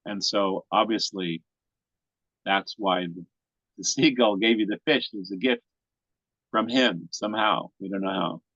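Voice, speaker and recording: A man's voice: lowish voice, unhurried, long pauses, fairly bright tone, no room sound. A man in his sixties at a retreat discussion, telling a story to a group in a folksy, meandering way. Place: retreat center meeting room. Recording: dull, lo-fi, dry sound.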